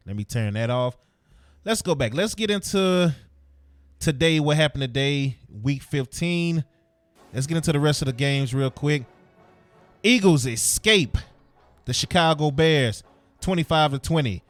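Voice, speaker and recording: A man's voice: a little high, moderate pace, long pauses, no echo, soft background music. A man hosting a sports podcast, ranting heatedly in casual slang. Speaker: podcast host.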